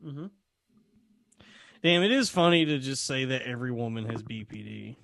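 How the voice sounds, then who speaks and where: A man's voice: mid-range voice, animated, moderate pace, gravelly, a bit bright, no room sound, clean studio sound. A young man co-hosting a podcast over a video call, laid-back and mocking himself. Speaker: podcast co-host. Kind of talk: casual banter on a video call.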